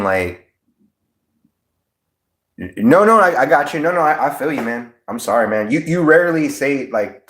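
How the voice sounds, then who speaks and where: Guy streaming live, chill but blunt and swears a lot, kinda low voice, echoey room. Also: fairly bright tone, a little hiss or hum. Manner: blunt and profane, laid-back. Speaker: livestream host. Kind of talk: casual livestream chat answering viewers. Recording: roomy echo.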